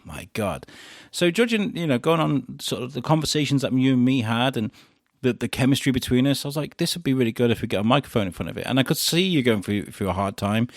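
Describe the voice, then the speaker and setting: A man hosting a podcast, chatting casually and telling animated stories with frequent laughter. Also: medium pitch, no room sound, clean studio sound. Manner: animated storyteller, laughs often. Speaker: podcast host being interviewed. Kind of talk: casual chat.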